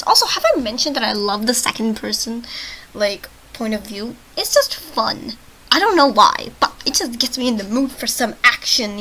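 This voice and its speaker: A woman reads a text-based zombie game aloud for her channel, breaking off into chatty, self-mocking asides. Her voice sits a little high and rings bright and forceful, and she keeps stumbling over words and shrugging it off. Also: poor audio. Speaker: let's-play host reading a text game aloud. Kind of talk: reading an interactive story aloud with chatty asides.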